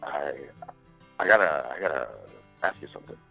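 A man imitating an older male comedian mentor in a low, hushed, halting voice, sincere and heartfelt. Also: soft background music, exaggerated voice, low-quality recording. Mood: earnest.

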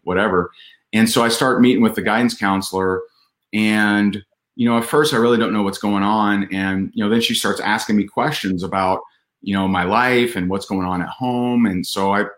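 Low-voiced man, earnest rambling storyteller. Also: fairly bright tone. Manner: earnest, full of fillers and restarts. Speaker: podcast guest. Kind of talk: casual storytelling.

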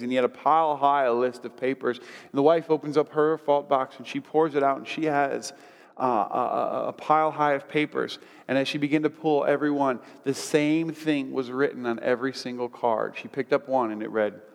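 A man's voice: medium pitch, fairly quick, long reverb tail. A man preaching as a pastor, telling stories and reading scripture with rising drama, often stumbling and repeating words. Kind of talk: sermon.

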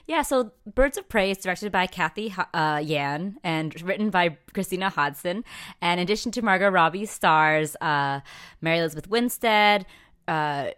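Young woman hosting a podcast, low-pitched. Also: expressive, moderate pace, a bit bright, clear, resonant tone. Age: young adult. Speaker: podcast host. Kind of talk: casual podcast chat.

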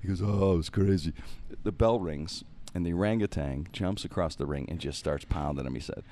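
A man with a notably deep, low-pitched voice chats casually as a podcast host. He tells funny stories with animation, putting on voices for the people in them and laughing along. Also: brisk, slight background noise. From Pittsburgh, USA. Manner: animated, acts out voices in anecdotes, laughs often. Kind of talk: casual storytelling.

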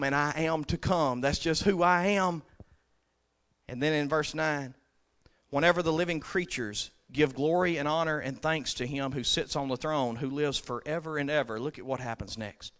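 A high-voiced man preaches a sermon, moving between hushed scripture reading and loud, ringing declarations. His tone is bright and smooth, with a clear, crisp sound.

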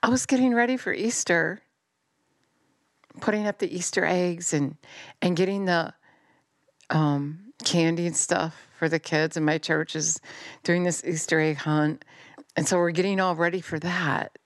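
A woman's voice: fairly even intonation, a little slow, dry recording. Middle-aged woman preaching hard, scolding and fired up, close mic with a dead dry sound. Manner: fervent, scolding, rising to near-shouts then dropping low. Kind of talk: impassioned sermon.

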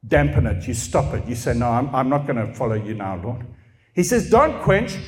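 A man preaching a sermon, reading scripture slowly and deliberately, swinging between soft asides and raised, emphatic exhortation. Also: high-pitched.

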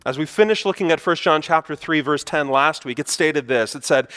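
A pastor giving a sermon, telling a story in a conversational way with self-deprecating humor. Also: male voice, fairly high pitch, fairly quick, few pauses, a bit bright, smooth. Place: church sanctuary. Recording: church hall reverb.

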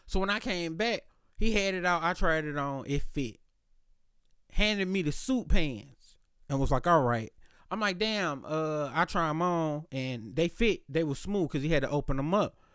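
A man's voice: on the high side, moderate pace, a bit bright, clear, resonant tone, no room sound. A man hosting a podcast, telling a story casually, swearing freely and acting out both sides of the conversation. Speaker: podcast host.

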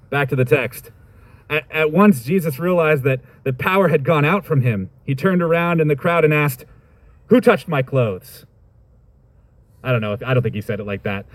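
A man's voice: fairly high pitch, dry recording. A man preaching a sermon, reading scripture and reflecting on it in a thoughtful, conversational way with informal asides.

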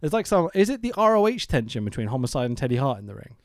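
A man's voice: mid-range voice, very animated, very fast, dry recording, studio quality. A man, co-hosting a casual wrestling review and reading from his notes. He swears often and laughs a lot. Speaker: podcast co-host.

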